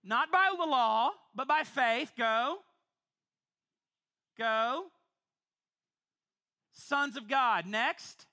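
A woman preacher, high-pitched and very bright, her voice leaping up and down as she delivers a lively sermon. She teases the congregation with quick asides between points. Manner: animated, playful preaching with quick asides and laughter. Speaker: pastor. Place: church before a congregation.

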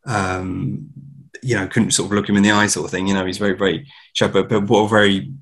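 Gravelly low-voiced man telling stories. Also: little pitch movement, a little fast, fairly bright tone. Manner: rambling anecdotal storyteller. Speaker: podcast guest. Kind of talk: casual film chat.

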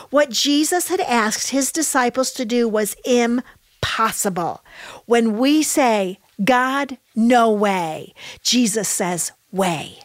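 A woman preaching a sermon in an emphatic way, dropping to soft low asides and rising to raised exclamations. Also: no room sound, clean studio sound. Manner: addresses listeners as "honey".

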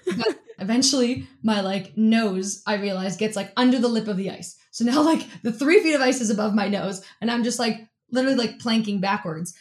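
A woman guest in an interview, telling a lively story in a casual way, with lots of "like" and frequent laughter. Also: on the high side, a little fast. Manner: animated, fills speech with "like", laughs often. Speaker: interview guest, athlete and keynote speaker.

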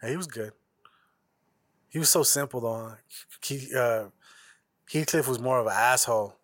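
A man's voice: medium pitch, moderate pace, a bit bright, no echo. Brief: a male podcast host, loose and profane, recorded dry on a close mic. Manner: profane, slangy and rambling. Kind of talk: casual chat.

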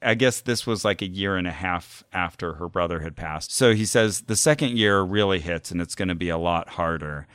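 A man's voice: low-pitched, moderate pace, hardly any pauses, a bit bright, clean tone, no echo. A man casually recounting a story on a podcast, acting out the quotes. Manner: recounts events, acts out quotes. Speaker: podcast co-host.

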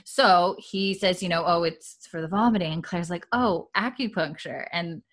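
Lively woman retelling a story. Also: lowish voice, moderate pace. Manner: animated storyteller, acts out characters' lines, many fillers. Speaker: podcast co-host recapping an episode. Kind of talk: casual chat, retelling scenes with quoted lines.

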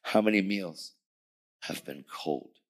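A man's voice: sits low, takes it slowly, vocal fry, husky. Emphatic preacher man in his fifties. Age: 50s. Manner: emphatic storyteller who acts out dialogue. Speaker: guest preacher. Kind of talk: sermon told as a personal story.

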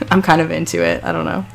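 A woman co-hosting a casual podcast. Her voice sits very low and comes out gravelly, like a rough morning voice. She talks in a chatty, candid way. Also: little pitch movement, fast, a little hiss or hum. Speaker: podcast co-host.

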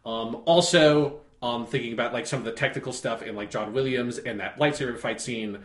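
A man's voice: mid-range voice, fairly quick. A man co-hosting a podcast, chatting casually about films, rambling with lots of fillers and casual swearing. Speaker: podcast co-host. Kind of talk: casual film discussion. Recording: roomy echo.

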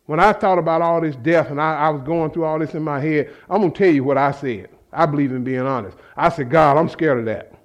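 Talking fast with hardly a pause, this man has a slightly high voice captured on dull-sounding audio. His sermon is fervent and conversational, built on repeated phrases and call-and-response with the congregation.

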